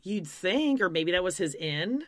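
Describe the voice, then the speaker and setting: A woman's voice: on the low side, sing-song, unhurried, no room sound, studio quality. A woman co-hosting a casual podcast, making blunt, wry remarks about a TV show and swearing casually. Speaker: podcast co-host. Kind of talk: casual chat recapping a TV show.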